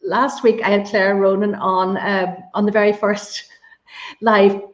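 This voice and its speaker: A woman's voice: medium pitch, level tone, a little slow. A woman with a Donegal accent hosting a live-streamed interview, enthusiastic and effusive as she reads out viewer questions. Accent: Irish, Donegal. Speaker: host. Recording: echoey room, dull lo-fi sound.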